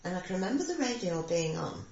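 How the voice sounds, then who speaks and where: Gravelly older woman telling stories. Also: fairly low pitch, fast. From Sheffield area, England. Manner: lively storyteller acting out quoted speech. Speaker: interviewee. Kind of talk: oral history reminiscence. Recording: echoey, dull room recording.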